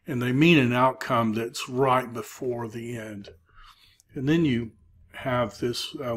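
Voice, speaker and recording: A man teaching a recorded video lecture as an instructor, explaining step by step with frequent hesitations and filler sounds. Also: medium pitch. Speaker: Greek instructor.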